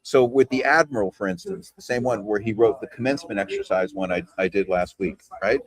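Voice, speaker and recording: Speaking briskly in a lowish voice, this trainer leads a team call and coaches over video. His tone stays relaxed and conversational, with frequent check-ins of "right?" and "you know."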